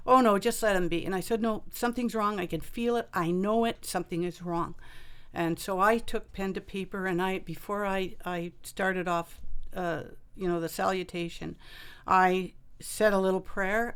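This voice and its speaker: A woman author telling a personal story in a radio interview, halting and full of fillers and restarts. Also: lowish voice, smooth. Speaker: author and guest.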